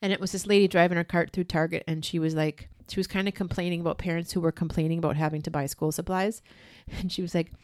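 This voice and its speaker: A woman's voice: fairly low pitch, steady tone, fast talker, few pauses. Chatty, enthusiastic woman podcast co-host. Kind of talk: casual chat.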